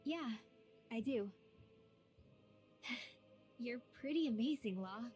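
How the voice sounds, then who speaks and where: An actress playing a sharp-tongued young female mage in a game, dry and teasing. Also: on the high side, animated, takes it slowly. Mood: reassuring. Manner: dry, teasing, matter-of-fact. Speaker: game character. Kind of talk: game dialogue acting. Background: game music.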